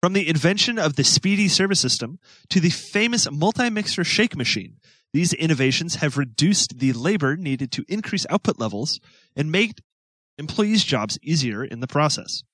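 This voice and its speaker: A man reads an article aloud on a podcast in a formal, stiff manner, his fairly high voice swinging up and down. The sound is dry and close. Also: lively intonation, normal speed, fairly bright tone, no echo. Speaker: co-host.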